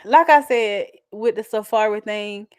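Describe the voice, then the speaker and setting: Woman vlogger, South Carolina twang, chatty and animated, dry close recording. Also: medium pitch, unhurried, clean tone, no room sound. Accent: South Carolina country twang. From South Carolina, USA. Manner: chatty, animated, laughs often. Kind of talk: casual chat reading viewer comments.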